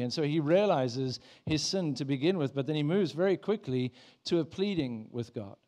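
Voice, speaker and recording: A man's voice: a little high, expressive, moderate pace, hardly any pauses, darkish tone. A man, a pastor, preaching a sermon in a church in a conversational way, asking the congregation questions.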